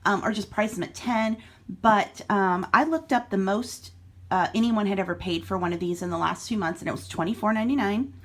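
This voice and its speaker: A woman's voice: mid-range voice, brisk, a bit bright. Chatty middle-aged woman reseller vlogging. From Iowa, USA. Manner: chatty, frank, matter-of-fact about prices. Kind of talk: casual vlog narration.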